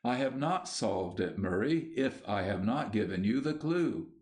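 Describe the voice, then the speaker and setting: A man voicing an aging, gentle bishop who speaks in a soft, measured, sorrowful way. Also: lowish voice, lively intonation. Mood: wistful. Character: aging gentle male bishop, wistful and tired.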